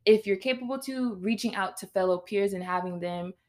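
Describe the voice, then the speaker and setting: A woman's voice: mid-range voice, fairly quick, darkish tone. Young woman giving earnest advice. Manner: earnest, encouraging, lists points one by one. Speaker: podcast host. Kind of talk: casual advice chat.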